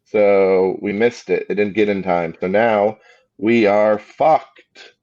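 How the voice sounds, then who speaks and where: An American comedy podcast co-host, hungover and just woken up, chats casually in a rambling, laid-back way. His voice is low, steady, and darkish, and he takes things slowly. The recording sounds slightly dull and lo-fi.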